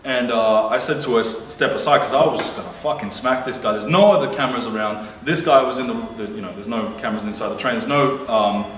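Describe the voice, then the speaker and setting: A man's voice: mid-range voice, fast talker, hardly any pauses. Brief: male vlogger, blunt and foul-mouthed storyteller, mid-range voice, roomy sound with the mic set back. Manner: blunt, profane, heated retelling. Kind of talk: casual storytelling to camera. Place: lives abroad. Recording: roomy, distant mic with faint noise.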